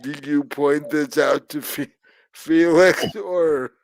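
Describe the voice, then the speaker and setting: A man narrating as game master, slow and hesitant with frequent laughs. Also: on the high side, vocal fry, no echo.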